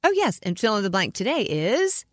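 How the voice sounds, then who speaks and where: A woman co-hosting a casual radio chat, supportive, laughing often and chiming in with quick agreement. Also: medium pitch, sing-song, no room sound, clean studio sound. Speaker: podcast co-host. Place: radio studio.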